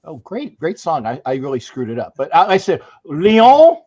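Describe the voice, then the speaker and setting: A man's voice: a little high, huge pitch swings, normal speed, darkish tone. A man hosting a sports podcast, talking in a joking, boisterous way and breaking into song. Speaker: podcast host. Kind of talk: casual sports talk. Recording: dull lo-fi audio.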